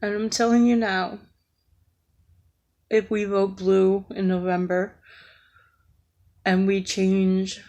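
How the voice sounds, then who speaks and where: A woman giving an earnest, halting political rant in a vlog, emotional and tearful. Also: mid-range voice, level tone, warm tone. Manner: earnest, pleading, slow and halting.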